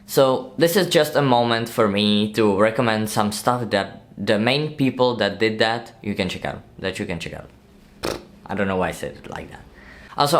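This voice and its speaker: A man's voice: lowish voice, a bit bright. A man narrating a movie breakdown video in a casual, chatty way, often asking viewers to comment and laughing at his own slips.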